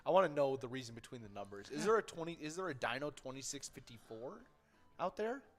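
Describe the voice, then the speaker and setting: A man co-hosting a bingo livestream, chatty with quick reactions and casual promo talk. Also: medium pitch, sing-song. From Minnesota.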